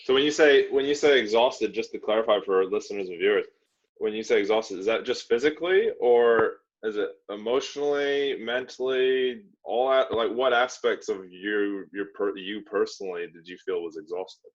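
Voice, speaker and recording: A man's voice: lowish voice, normal speed. A man hosting an interview, often restarting his sentences to clarify things for listeners. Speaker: podcast host. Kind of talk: interview questions. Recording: dull lo-fi sound.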